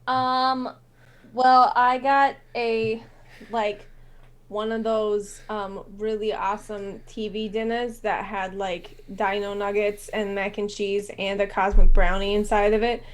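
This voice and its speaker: A woman's voice: medium pitch, flat delivery, slow pace. A woman playing a tabletop game in character, hesitant, with lots of ums. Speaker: tabletop player.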